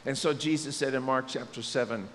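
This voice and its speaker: A male pastor giving a lively sermon, joking and acting out quotes in different voices. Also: medium pitch, fairly quick, long reverb tail, a little hiss or hum. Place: church sanctuary.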